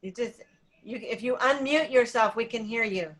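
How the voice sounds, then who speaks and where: High-voiced woman patiently helping on a call. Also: normal speed, fairly bright tone. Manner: helpful, patiently giving step-by-step instructions. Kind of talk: casual video-call singalong. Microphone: video call.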